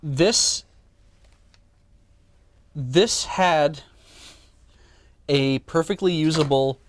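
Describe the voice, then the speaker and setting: A man's voice: fairly high pitch, extremely slow, no echo. A man hosting a live stream, chatting casually and joking with stumbling restarts. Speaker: stream host.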